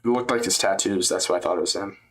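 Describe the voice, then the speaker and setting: A man's voice: deep voice, fast, fairly bright tone. A young man with a worn-out voice, chatting loosely on a livestream with slang and laughs. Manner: rambling, laughing, slangy, slips into impressions. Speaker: streamer. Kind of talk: casual fight-companion livestream chat.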